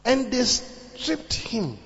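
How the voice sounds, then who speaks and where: A man's voice: very high voice, wildly swooping pitch, extremely slow, a bit bright, long reverb tail, muffled recording. A man preaching a sermon, quoting scripture and repeating lines with rising fervor. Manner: preaching with rising intensity and emphatic repetition.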